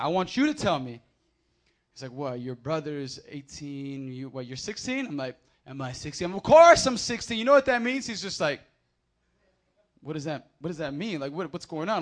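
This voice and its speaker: A man preaching a sermon, swinging from loud emphatic scripture readings to quiet, casual storytelling. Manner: builds to loud emphatic proclamations, then drops low for anecdotes.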